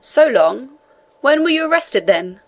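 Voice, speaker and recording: A woman voicing a male government inspector who speaks in a measured, official manner in a storybook reading. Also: high voice, big pitch swings, pitched above the performer's own voice, heavily acted. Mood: composed.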